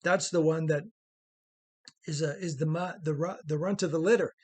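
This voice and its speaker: A patient, kindly farmer, as a man voices him in a spoken story, talking softly and reasoning step by step. The voice is husky and sits a little high. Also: fairly even intonation, normal speed, dry recording, close to an everyday voice. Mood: gently dissuading.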